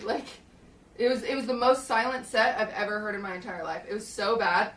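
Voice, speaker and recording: A woman's voice: on the high side, fairly quick, a bit bright, roomy sound, far from the mic, poor audio. A young woman streamer telling a long story in casual chat, full of "like" and restarts, acting out what people said. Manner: rambling, lots of "like" and restarts, acts out quotes. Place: small hot shed studio.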